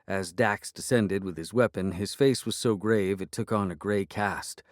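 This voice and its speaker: Man reading an audiobook, low voice, measured, super dry studio mic. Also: no room sound. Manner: measured, storytelling. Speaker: audiobook narrator. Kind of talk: scripted first-person audiobook narration.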